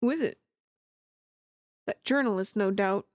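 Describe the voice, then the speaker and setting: A woman voicing an earnest young male defense attorney with a quick, earnest delivery. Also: mid-range voice, dry recording, studio quality, lightly acted. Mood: suspicious.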